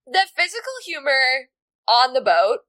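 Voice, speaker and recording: A woman's voice: high-pitched, very animated, a little slow, a bit bright, dry recording. A woman co-hosting a book podcast, casually and animatedly retelling scenes from a novel. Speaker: podcast co-host.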